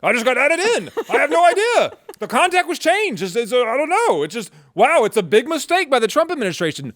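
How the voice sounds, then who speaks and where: A man's voice: very high-pitched, big pitch swings, brisk, fairly bright tone, voice pushed up, full character voice. A man doing a mocking impression of a male journalist who pretends it was all an accident. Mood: feigned innocence.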